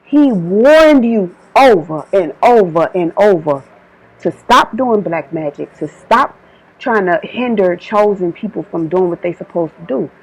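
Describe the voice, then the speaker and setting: A woman's voice: medium pitch, expressive, measured pace, husky, rough recording. A woman delivering an informal channeled spiritual message, emphatic and repetitive, switching between her own words and quoted divine warnings.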